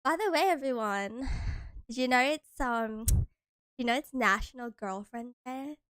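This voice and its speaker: Giggly high-voiced American woman streamer. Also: measured pace, fairly bright tone, clean tone, no room sound. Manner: playful, giggly, chatty with viewers. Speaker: vtuber streamer. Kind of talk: casual chat stream.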